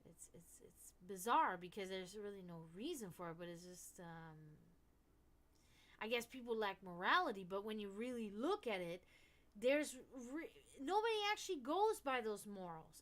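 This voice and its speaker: A woman hosting a stream chats casually and frankly about esoteric topics, swearing often and rambling with many restarts. She drops to murmurs, then bursts out loudly, her mid-range voice very animated at normal speed.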